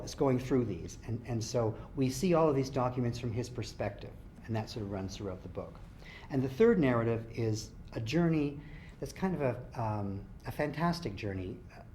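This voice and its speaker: A man introduces his own novel to an audience before a reading. He talks in a hesitant, informal way, stopping often to restart a sentence. His pitch is ordinary but it moves up and down a lot. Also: a little mellow, slight background noise. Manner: hesitant, lots of ums and restarts. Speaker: author. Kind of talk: author reading and talk.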